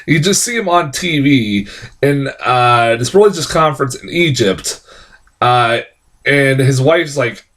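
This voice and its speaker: Male reviewer, profane and exasperated, lively, bouncing delivery, stumbles and restarts often. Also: mid-range voice, measured pace. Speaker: film reviewer. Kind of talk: casual movie review rant.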